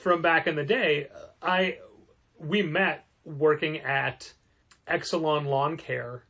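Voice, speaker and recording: A man with a somewhat high voice co-hosting a relaxed podcast, speaking in a measured, deliberate way. He adds grumbling asides as he complains. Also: gravelly. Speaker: podcast co-host, comic shop co-owner. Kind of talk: casual podcast chat.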